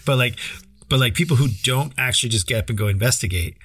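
A Canadian man from Ontario co-hosts a casual podcast with a somewhat husky voice. He tells stories in an animated way, laughing often and swearing freely. The sound is dry and close. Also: mid-range voice, fast, no room sound. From Lanark County, Ontario, Canada. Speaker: podcast co-host. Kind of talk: casual chat and storytelling.

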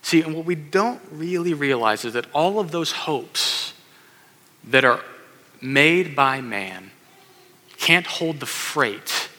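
A man preaches with a bright, forceful voice that sits somewhat high. He is lively, acts out the voices in his stories, and speaks straight to the children listening. His words carry a long reverb through a large church sanctuary. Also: takes it slowly. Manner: animated, acts out quoted voices, addresses kids in audience. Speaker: pastor. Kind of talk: sermon.

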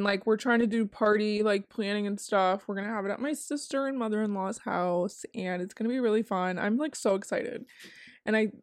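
A woman's voice: mid-range voice, no room sound. A young woman hosting a podcast from her bedroom, talking in a frank, chatty way, swearing casually and laughing often, and sounding tired. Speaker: podcast host. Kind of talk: casual chat. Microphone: handheld mic.

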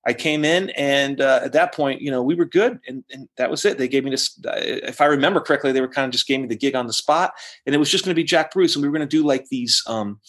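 A man's voice: mid-range voice, fast talker. A man, a rock guitarist, telling a long story in a casual interview, swearing often and acting out what people said. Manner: animated, profane, acts out quotes in raised voice.

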